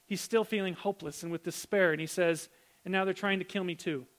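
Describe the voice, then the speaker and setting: A man with a notably high voice preaches a sermon. He talks in a conversational, animated way and keeps asking his listeners questions. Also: fairly quick.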